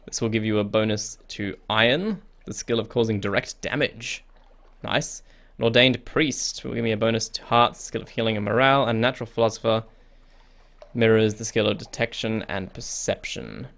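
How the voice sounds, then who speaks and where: A man's voice: lowish voice, steady tone, a bit bright. Young man reading game text aloud. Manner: chatty, reads on-screen text aloud with quick reactions. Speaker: gaming video host. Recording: faint game music behind.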